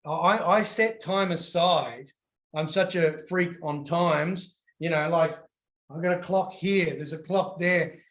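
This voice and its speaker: A man with a slightly high voice gives casual coaching advice at a slow pace, animatedly acting out little voices as he tells stories.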